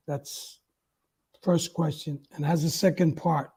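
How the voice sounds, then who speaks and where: A husky-voiced male host who speaks slowly in a high register. He asks his questions in a relaxed way. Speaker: host interviewer. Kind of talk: casual chat.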